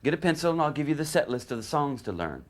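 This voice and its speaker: A man impersonating a weary older rock singer who speaks in a slow, drawling way. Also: a little high, very animated, pitched above the performer's own voice.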